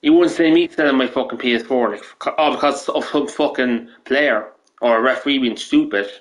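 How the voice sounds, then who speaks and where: A man's voice: mid-range voice, brisk, poor audio. An Irish man streaming games and ranting casually, rambling, swearing often and restarting his sentences. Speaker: gaming streamer.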